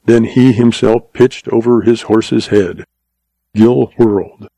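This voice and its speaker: A man narrating a western novel as an audiobook in a steady, dramatic storytelling manner. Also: medium pitch, slow pace, creaky, no echo, low-quality recording.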